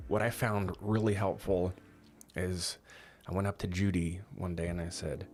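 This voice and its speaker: A man's voice: low-pitched, level tone, a little slow, darkish tone. A man co-hosting a podcast, talking in a rambling, candid way and swearing casually. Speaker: podcast co-host. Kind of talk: casual conversational podcast chat.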